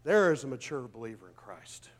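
A man preaching a sermon with fervent emphasis and rhetorical questions, swinging from loud declarations to quiet, low asides. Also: sing-song, brisk, big-room sound. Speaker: pastor.

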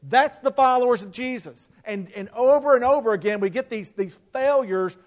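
A man's voice: very high-pitched, moderate pace. A middle-aged male pastor preaching a sermon in a conversational way, with rhetorical questions and frequent restarts.

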